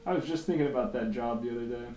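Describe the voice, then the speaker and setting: A man's voice: mid-range voice, racing, warm tone. Laid-back, rambling male streamer, roomy sound. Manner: laid-back, rambling, profane, laughs often. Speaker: comic artist livestreaming while drawing. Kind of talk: casual chat. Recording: roomy echo, faint music behind.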